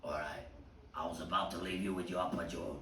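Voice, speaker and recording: A man voicing a huge, brutal male villain who makes slow, booming, menacing declarations, in an echoey room away from the mic. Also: steady tone, sharp tone, far from the mic, slight background noise.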